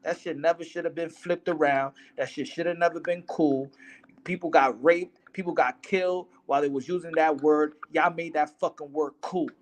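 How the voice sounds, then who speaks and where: A man's voice: a little high, steady tone, moderate pace. A young man, a boxer, talking in a casual interview in a heated, emphatic, profane way, often repeating himself.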